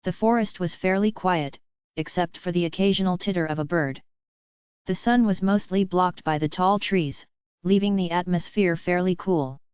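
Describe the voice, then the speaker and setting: A woman giving scripted first-person audiobook narration in an even, steady reading. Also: fairly low pitch, normal speed, smooth, dry recording. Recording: dull lo-fi dry audiobook recording.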